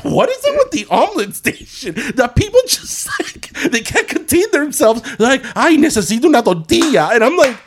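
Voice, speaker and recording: A man co-hosting a casual podcast chat, animated and laughing often, slipping into Spanish phrases. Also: extremely high pitch, normal speed, hardly any pauses. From Miami. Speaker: podcast co-host.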